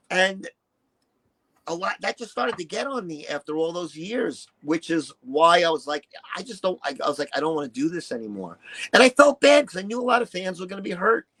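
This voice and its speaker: A high-voiced profane man in his sixties. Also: moderate pace, low-quality recording. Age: 60s. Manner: profane, animated, acts out quotes. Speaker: interview guest, retired shock-rock performer. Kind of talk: candid storytelling interview.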